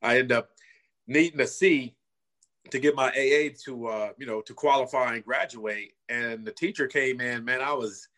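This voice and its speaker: A man's voice: medium pitch, moderate pace, a bit bright. A middle-aged man from California, a former pro football player, telling his story as a guest in a casual interview, earnest and full of "you know" and "man.".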